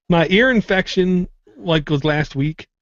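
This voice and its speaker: Teasing animated man, sore-throated. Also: high voice, takes it slowly, dry recording. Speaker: podcast co-host. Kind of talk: casual pre-show banter. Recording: dull lo-fi podcast audio.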